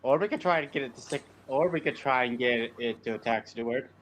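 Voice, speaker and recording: A man's voice: mid-range voice, fairly quick, fairly bright tone, slight background noise. A man as a player in a tabletop game, chiming in with eager quips.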